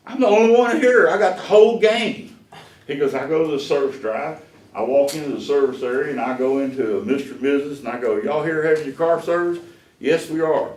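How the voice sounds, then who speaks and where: A man, running a sales class as the owner of a car dealership and telling stories that act out the dialogue. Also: medium pitch. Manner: folksy, animated storyteller who acts out dialogue. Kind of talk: storytelling lecture to a class. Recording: echoey room, voice from far off.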